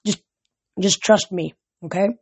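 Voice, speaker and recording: A man's voice: high-pitched, steady tone, measured pace, creaky, husky, full character voice. A reader voicing an anxious mortal teenage girl in a storybook reading. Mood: pleading.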